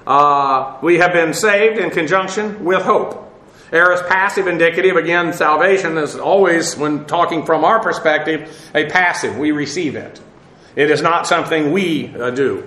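A man teaching a Bible passage verse by verse, halting with many fillers and spelling out Greek words letter by letter. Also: on the high side, pushed and bright, reverberant, low-quality recording.

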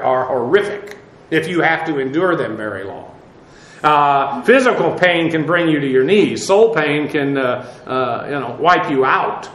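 A man teaching a verse-by-verse Bible study, explaining Greek words in an unhurried way with many "uh" fillers and spelling terms out letter by letter. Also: fairly high pitch, fairly bright tone, echoey room.

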